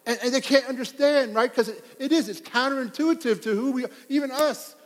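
Talking a little fast, a high-pitched pastor gives a sermon in a church hall, animated and rich with stories. He tends to laugh at his own tales as he goes, and each phrase carries a long reverb tail.

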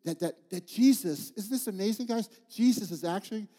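A man's voice: high-pitched, a little fast, mellow, big-room sound. A man in his fifties preaching a heartfelt sermon in church, telling stories and calling out to the congregation. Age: 50s. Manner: heartfelt storytelling with call-outs to the congregation. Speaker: pastor.

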